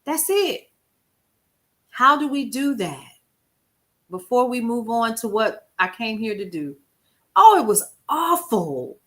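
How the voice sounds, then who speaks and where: A woman talks to her livestream audience in a relaxed, folksy way. Her voice sits a little high and sounds bright and forward. She tells stories with animated, quoted asides and calls out names from the chat. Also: slow, pauses often. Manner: expressive, folksy, animated storytelling with chat shout-outs. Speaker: livestream host. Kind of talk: casual livestream talk to viewers.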